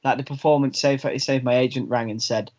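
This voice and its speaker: A male podcast host chats eagerly in loose, colloquial speech and trips over his restarts. His voice sits at a middle pitch. The recording is a little dull and muffled. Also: steady tone, quick pace, a little mellow. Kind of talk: casual podcast interview.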